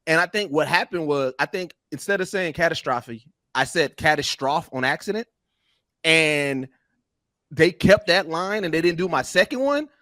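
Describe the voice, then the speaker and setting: A man's voice: a little high, expressive, moderate pace, a bit bright, no echo, studio quality. Rambling, laughing male podcast co-host. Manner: rambling storyteller, laughs often. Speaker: podcast co-host and voiceover artist. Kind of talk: casual podcast chat.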